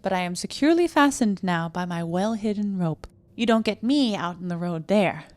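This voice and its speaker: A woman reading a classic short story aloud, slipping between hushed whispers and sudden emphatic outbursts. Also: mid-range voice, expressive, moderate pace. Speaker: audiobook reader.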